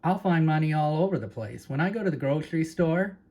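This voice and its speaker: A man's voice: on the high side, expressive, fairly quick, a little mellow. A man with a Canadian accent, hosting his own channel, talks casually and rambles, repeating words and turning to his viewers with asides. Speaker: channel host. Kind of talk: casual talk to camera.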